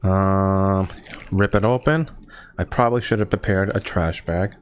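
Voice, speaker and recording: A man's voice: low voice, a little slow, a little hiss or hum. A young man streaming, chatting casually to his viewers while reviewing snacks at a table at home, rambling and playful.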